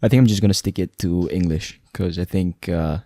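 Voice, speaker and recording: Young italian man, very deep voice, dark tone, easygoing joking podcast chat. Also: a little fast, no echo, studio quality. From Italy. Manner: easygoing, joking, repeats himself. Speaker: podcast co-host. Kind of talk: casual chat.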